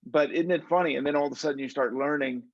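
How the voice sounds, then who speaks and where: A man's voice: fairly high pitch, fairly even intonation, fast talker, dry recording, dull audio. A man hosting a podcast, chatting casually and rambling through his stories. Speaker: podcast host. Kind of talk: casual interview chat.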